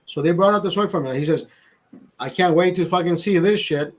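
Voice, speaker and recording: Husky-voiced man telling a rambling story. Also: high voice, fairly quick, poor audio. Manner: rambling, profane, many restarts. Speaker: vlogger host. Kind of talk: casual profane storytelling.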